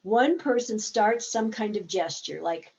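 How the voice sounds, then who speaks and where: A woman's voice: mid-range voice, lively intonation, a little slow, darkish tone, muffled recording. A woman therapist explaining a game in a conversational teaching talk, acting out bits of dialogue as examples.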